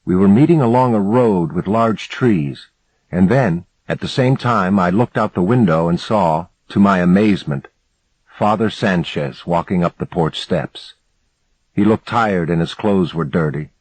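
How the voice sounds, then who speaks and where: A man narrating a novel in the first person, in an even, measured reading. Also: sits low, dry recording, rough recording. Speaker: audiobook narrator.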